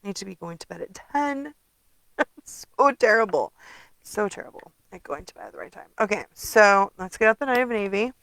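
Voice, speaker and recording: A woman's voice: mid-range voice, lively intonation, quick pace, gravelly, few pauses, a bit bright, no room sound, low-quality recording. A middle-aged woman chatting casually through a craft tutorial, tired and rambling with many ums. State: tired, yawning. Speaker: papercraft demonstrator.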